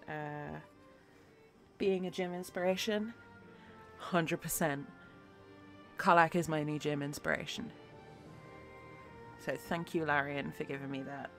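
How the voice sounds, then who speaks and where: A young woman streaming live while she paints, tired and worn out, reading her chat aloud and answering viewers with encouragement. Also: low-pitched. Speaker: livestreamer.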